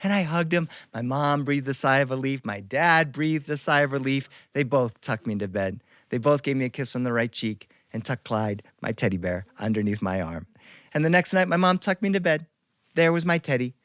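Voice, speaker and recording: A man telling a personal childhood story, playful and lively, asking the audience questions. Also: medium pitch, brisk, dry recording. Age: adult.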